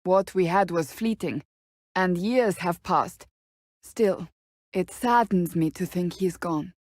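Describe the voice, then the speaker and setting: A woman's voice: fairly low pitch, takes it slowly, a little mellow, dry recording, studio quality. A stern, blunt warrior woman. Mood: rueful. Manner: curt, formal and stern. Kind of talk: video game companion dialogue.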